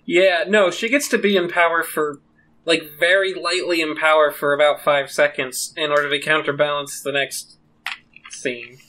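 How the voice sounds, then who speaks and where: Expressive, rambling podcast co-host. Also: medium pitch, moderate pace, a little hiss or hum, poor audio. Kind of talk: casual chat recapping a TV episode.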